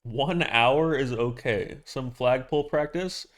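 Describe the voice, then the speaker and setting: A man's voice: mid-range voice, takes it slowly. Rambling, foul-mouthed male streamer. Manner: rambling, profane, talking back to chat. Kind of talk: casual live-stream chat.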